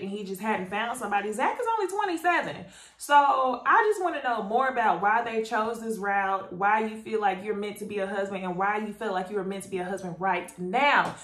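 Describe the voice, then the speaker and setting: Talking directly to her audience as "y'all," this woman reviews a reality TV episode on YouTube in a chatty, animated recap. Her pitch is medium and the recording has a roomy sound.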